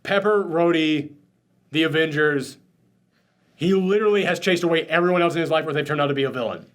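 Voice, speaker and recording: A man's voice: on the high side, brisk, fairly bright tone. A man hosting a spoiler discussion, emotional and choked up, gushing and swearing freely as he talks. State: tearful, choked up. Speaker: host.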